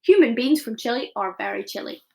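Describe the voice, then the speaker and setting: A woman voicing a huge, greedy, menacing male giant who booms his threats in mangled words. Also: expressive, a little fast, gravelly. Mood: gruff. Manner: loud booming threats in giant's mangled talk.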